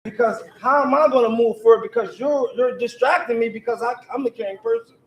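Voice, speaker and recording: Man, high voice, earnest rambling story, roomy distant sound. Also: a little fast, dull audio. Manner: earnest, rambling, acts out dialogue. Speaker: community member sharing at a forum. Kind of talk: candid personal story at a public meeting. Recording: echoey room, far from mic, faint noise.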